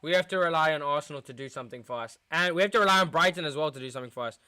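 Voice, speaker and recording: A young man streaming a football watchalong, muttering through quiet spells and yelling at big chances. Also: fairly high pitch, rapid-fire, clear, resonant tone, no echo. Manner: excitable, shouts at big chances, mutters otherwise. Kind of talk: live football watchalong commentary.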